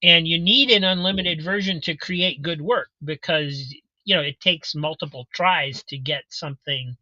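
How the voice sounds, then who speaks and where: Guy on a video call going on and on, kinda high bright voice, dry muffled sound. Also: moderate pace, dry recording. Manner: rambling, repeats himself, explains at length. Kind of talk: casual chat on a video call.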